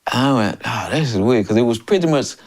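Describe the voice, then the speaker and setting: An older man in his sixties from Memphis, a drummer and interview guest, telling stories in a lively way, often laughing and acting out other people's lines. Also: medium pitch, a little fast. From Memphis, USA. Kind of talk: casual storytelling interview.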